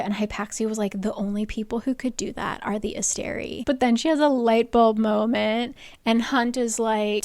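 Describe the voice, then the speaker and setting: A young woman with a slightly high voice talks through a book's plot in a loose, chatty way. She slips into brief playful voices when quoting characters. The sound is dry and close. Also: a little mellow, no room sound. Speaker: book reviewer. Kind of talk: casual plot recap.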